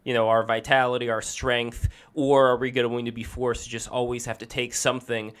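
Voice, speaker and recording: A man hosting a live-streamed talk show, reading promotions and asking long, measured questions. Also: mid-range voice, little pitch movement, a bit bright, smooth. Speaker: podcast host.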